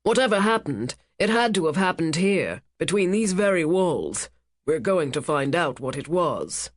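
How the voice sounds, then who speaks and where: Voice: mid-range voice, very animated, unhurried, dry recording, studio quality. Narrator voicing Feldman, a cold, charming tycoon. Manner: smooth, commanding, cutting. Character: wealthy casino owner, charming and menacing man. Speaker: cruise ship owner.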